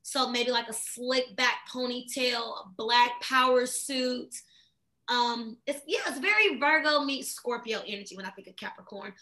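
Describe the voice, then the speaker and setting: A woman chatting casually about astrology in an animated, filler-heavy way. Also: fairly high pitch, measured pace. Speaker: astrology guest. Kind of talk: casual chat.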